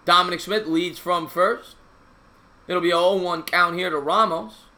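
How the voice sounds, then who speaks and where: A man calling a baseball game play by play on his live stream, chatting with viewers in a casual, slangy, excitable way. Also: high voice, unhurried.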